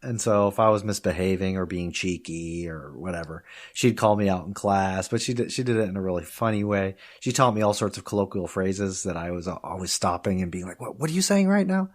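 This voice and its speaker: A man's voice: deep voice, fairly quick, hardly any pauses. A man, a professor of Chinese, telling stories in a conversational podcast interview, laughing often and acting out the people he quotes. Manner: lively storytelling, quotes people in put-on voices; laughs often while talking.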